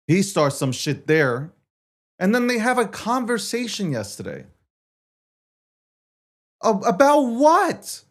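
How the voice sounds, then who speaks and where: Brief: young male host, fast profane rants, somewhat high voice, big swings in energy. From United States. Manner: loud, animated ranting with frequent cursing.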